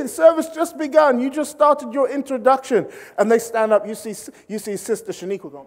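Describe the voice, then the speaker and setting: A man from Britain preaching a sermon, telling comic stories and acting out loud congregations. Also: extremely high pitch, fairly quick, few pauses. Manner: comic storytelling, mimics congregations with shouts. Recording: reverberant hall.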